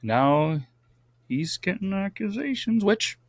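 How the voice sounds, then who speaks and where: A man's voice: sits high, sing-song, takes it slowly, no room sound. A man co-hosting a casual true crime podcast, reading out the case and adding wry asides. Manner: reads case notes, adds wry asides. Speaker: podcast co-host.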